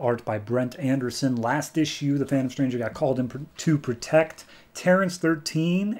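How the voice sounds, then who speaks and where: A man with a mid-range, darkish voice hosts a comics podcast. He gives a chatty, casual review, recapping plots and briefly acting out the characters.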